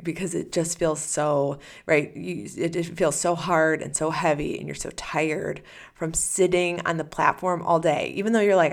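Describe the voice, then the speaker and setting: A woman's voice: low-pitched, steady tone, normal speed, gravelly. A woman hosting a solo podcast as a coach, talking casually and animatedly, acting out the listener's inner voice.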